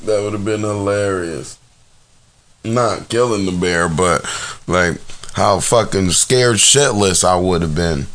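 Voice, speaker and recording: A man's voice: low voice, slow pace, a bit bright. A man talking casually into the camera in a loose, rambling monologue, swearing often and dropping fillers like "you know what I'm saying.". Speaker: vlogger commenting on news and videos.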